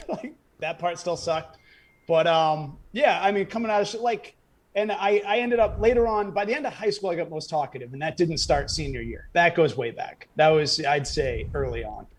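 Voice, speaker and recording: Male stand-up guest, slightly higher voice, quick joke-telling storyteller. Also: animated. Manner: rapid joke-telling, acting out dialogue. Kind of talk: storytelling in casual chat.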